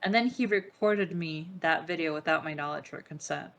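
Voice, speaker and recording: A woman's voice: deep voice, moderate pace, a bit bright, muffled recording. A young woman, not a native English speaker, speaking as an interview guest, emotional and profane, with many fillers. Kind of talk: candid interview conversation.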